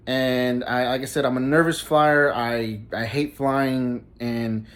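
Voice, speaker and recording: A man's voice: medium pitch, fairly even intonation, a bit bright. A young man, telling stories casually on his vlog, stumbling over and repeating his words and laughing as he talks. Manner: halting, repeats words often, laughs mid-sentence. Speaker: vlogger.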